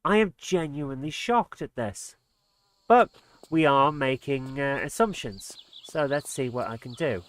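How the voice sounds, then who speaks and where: A man's voice: medium pitch, expressive, unhurried, fairly bright tone. A man commentating casually on his gameplay as a let's play host, exasperated and muttering under his breath.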